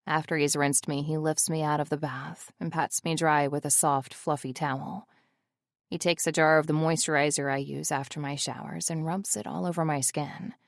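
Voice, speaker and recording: A woman's voice: sits low, fairly even intonation, moderate pace, gravelly, no echo. A woman narrating a first-person romance audiobook in an intimate, emotional way on a close studio mic.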